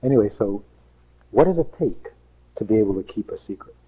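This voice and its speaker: A husky-voiced male rabbi teaches with emphatic rhetorical questions, slipping into voices as he quotes people. His voice sounds narrow and tinny, as if carried over a phone line. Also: lowish voice, expressive, fairly quick. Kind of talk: teaching talk on relationships.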